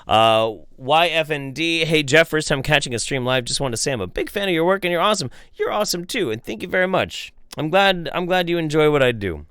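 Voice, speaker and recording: Man, streamer host, crude and jokey, animated pitch, dry close mic. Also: a little fast, few pauses, clean tone, no room sound. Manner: crude, joking, reads viewer messages aloud. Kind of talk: casual live-stream chat.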